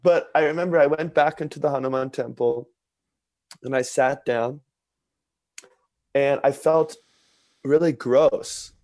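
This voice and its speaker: A man's voice: medium pitch, steady tone, a little slow, pauses often, darkish tone, dry recording. Candid man telling a story, dry sound. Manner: vivid storyteller who acts out other people's words; candid and self-mocking. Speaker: podcast guest. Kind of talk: casual conversational storytelling.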